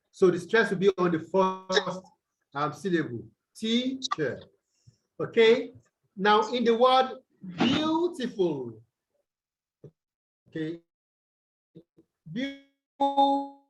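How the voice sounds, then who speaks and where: A man's voice: sits high, animated, normal speed, music in the background, low-quality recording. A Nigerian man teaching English over a video call, repeating points and quizzing his students with "what?" prompts. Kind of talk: online tutorial lecture.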